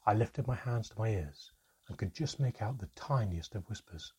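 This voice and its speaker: A man narrates an audiobook in a dramatic, first-person storytelling manner. His voice sits low and sounds very husky and breathy. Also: animated, moderate pace, a little mellow.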